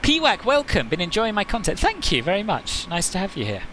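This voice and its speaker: A man's voice: high voice, huge pitch swings, fairly quick, sharp tone, slight background noise. A man hosting a flight simulator live stream, chatting casually, answering viewers' comments and laughing often.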